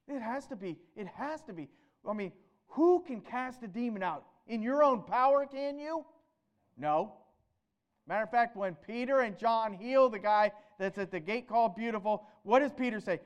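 A male preacher with a high voice delivers a sermon in an animated way. He fires off rhetorical questions and swings between loud, emphatic bursts and quieter, lower stretches. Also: unhurried.

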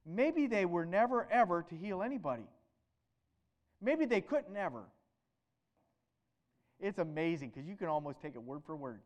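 Animated high-voiced male preacher. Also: moderate pace, pauses often, muffled recording. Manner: animated, rhetorical questions, swings between loud emphatic and quiet. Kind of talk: sermon.

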